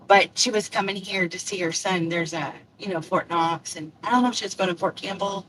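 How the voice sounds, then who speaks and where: A woman's voice: on the low side, brisk, a bit bright. Older Kentucky woman, country accent, rambling chatty delivery driver streaming from her car, mic a bit far off with faint road noise. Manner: rambling, chatty, self-deprecating. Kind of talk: casual chat. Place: in a car while driving.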